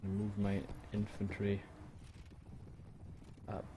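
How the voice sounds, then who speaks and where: With a lowish voice, totally flat delivery, and drawn-out words, a young man from Wales chats through a strategy game stream. He swears and jokes with his viewers as faint background noise runs underneath.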